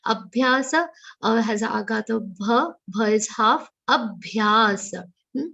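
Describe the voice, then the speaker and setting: A woman with an Indian English accent teaching verse pronunciation in an online class, chanting lines slowly and then explaining them. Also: a little high, a bit bright, highs cut off. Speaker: recitation teacher. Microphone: video call.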